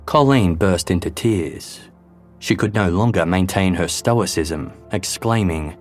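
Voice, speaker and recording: A man reading a scripted true-crime narration in a measured, grave way. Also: low-pitched. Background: faint background music.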